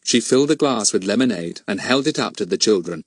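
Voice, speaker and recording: A man narrating a children's storybook as an audiobook, expressive and measured. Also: fairly low pitch, breathy edge, no room sound, studio quality.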